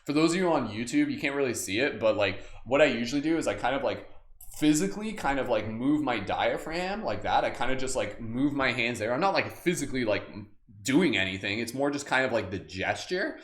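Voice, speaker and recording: A man leads a live group meditation, talking in a loose, chatty way full of fillers and quick laughs. His voice sits at an ordinary middle pitch, and it rings around a noticeably echoey room. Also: lively intonation. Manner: casual and upbeat, many fillers, laughs often. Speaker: meditation host. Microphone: livestream camera mic.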